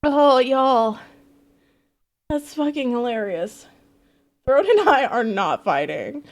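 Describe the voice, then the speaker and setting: A woman's voice: a little high, slow pace. A young woman live-streaming a game, chatting casually, laughing a lot and swearing. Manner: giggly, animated, swears. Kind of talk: casual live-stream chat over gameplay.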